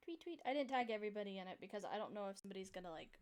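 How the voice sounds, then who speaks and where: A woman's voice: medium pitch, very fast. A young woman hosting a game stream, chatting casually and rambling with frequent restarts. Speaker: streamer and host.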